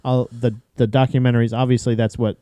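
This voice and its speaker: A man's voice: medium pitch, little pitch movement, quick pace, dark tone, no echo. A man co-hosting a podcast in casual chat, rambling with frequent restarts and casual swearing. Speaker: podcast co-host.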